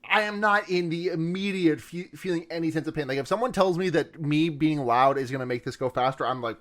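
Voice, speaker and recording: A man's voice: fairly high pitch, fairly quick, fairly bright tone. A man co-hosting a casual film-review podcast, rambling with lots of fillers and restarts and casual swearing. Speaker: podcast co-host.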